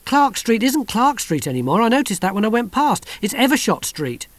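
A man's voice: high voice, big pitch swings, moderate pace, no echo, pitched above the performer's own voice. A man reading aloud, voicing an earnest, insistent teenage girl. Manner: insistent, defensive.

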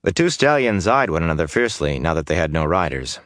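A man narrating a fantasy novel in an even, measured reading on a close mic. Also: sits low, no echo. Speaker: audiobook narrator. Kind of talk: scripted narration.

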